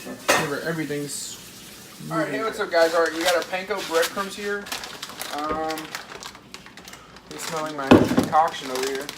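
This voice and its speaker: A fishing vlogger with a slightly high voice speaks at normal speed, leaving long pauses. In an informal cooking vlog from his parents' kitchen, he rambles and addresses viewers directly while faint household noises drift in.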